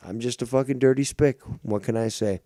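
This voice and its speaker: A man's voice: medium pitch, a little fast, warm tone, no room sound, studio quality. A man from Ontario, hosting a ranting commentary show with a mocking, profane, insulting manner. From Ontario, Canada.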